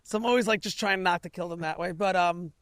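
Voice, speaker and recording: A man in his thirties hosting a podcast in casual chat, excitable and quick to laugh. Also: high voice, clear, resonant tone, dry recording. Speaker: podcast host.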